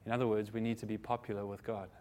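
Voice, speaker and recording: A man's voice: fairly low pitch, flat delivery, rapid-fire, darkish tone. A man giving a conversational sermon, often asking his listeners questions and stopping to correct himself. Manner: conversational preaching, asks the congregation questions; self-correcting, repeats words. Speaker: pastor.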